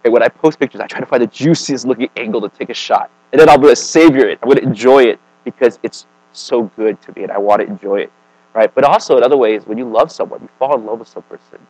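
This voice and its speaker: Male preacher, mid-pitched, conversational sermon, dry sound with a faint mains hum. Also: fast talker, no room sound, low-quality recording. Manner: conversational, keeps asking "right?" and "okay?"; swings between emphatic and quiet.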